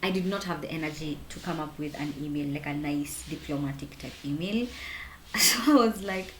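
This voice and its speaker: A young woman in her twenties with a Kenyan accent, telling a personal story to camera in a chatty, animated way. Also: low-pitched, moderate pace, a little hiss or hum. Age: 20s. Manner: chatty, animated, full of "like" and "honestly". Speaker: vlogger. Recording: roomy echo.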